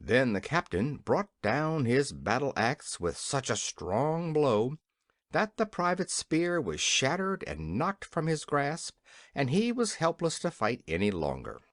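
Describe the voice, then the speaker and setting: Man reading an old kids fantasy book, really lively voice, dry close mic. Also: mid-range voice, measured pace, dry recording. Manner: expressive storytelling. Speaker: audiobook narrator. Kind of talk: scripted narration.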